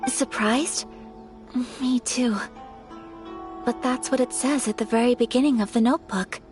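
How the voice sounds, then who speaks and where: A young noblewoman with a gentle, composed manner, voiced by a woman, speaking softly and formally in a fairly high voice. Her speech is measured and polite. Faint game music plays behind her. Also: fairly even intonation, natural voice. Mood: earnest. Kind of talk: video game voice acting.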